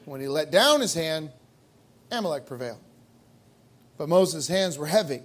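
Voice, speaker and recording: A man's voice: fairly high pitch, lively intonation, moderate pace. A male pastor preaching a sermon in a church, emphatic and full of rhetorical questions. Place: church sanctuary.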